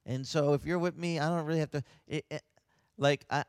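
A man who is a pastor, telling a lively personal story and acting out the voices of the people in it. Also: on the high side, fairly quick, dry recording. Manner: animated, acts out voices of others. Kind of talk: storytelling anecdote.

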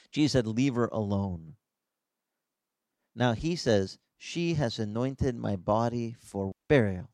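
A man, a pastor, preaching a sermon with animated delivery and sudden leaps in pitch. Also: no room sound, clean studio sound.

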